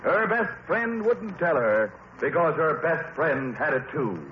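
A man hosting a 1940s radio comedy show, chatting in a wry, halting way and narrating a sketch. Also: fairly high pitch, expressive, over music. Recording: old lo-fi radio recording with hiss.

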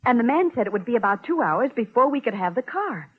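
An actress playing an anxious young wife calling for help in a 1940s radio soap, in a tinny old broadcast. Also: female voice, fairly high pitch, very animated, quick pace, slightly rough. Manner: pleading, worried.

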